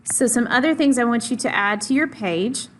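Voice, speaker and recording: A woman's voice: fairly high pitch, moderate pace. Patient woman teaching a math lesson. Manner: patient, repeats and stresses key points; asks questions of the class and answers them herself. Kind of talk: classroom lesson.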